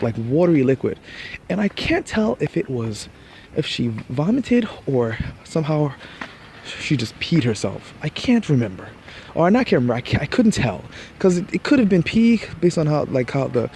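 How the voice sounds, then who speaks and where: A man's voice: medium pitch, a little mellow. Brief: man, casual vlog anecdote, meandering delivery with many restarts, mid-range voice, faint street traffic behind. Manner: rambling, restarts often, laughs at his own story. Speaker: vlogger. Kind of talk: casual storytelling.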